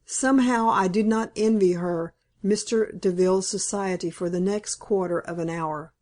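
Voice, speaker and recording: A woman reading a classic novel aloud as an audiobook narrator, in a measured, composed manner. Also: mid-range voice, steady tone, darkish tone.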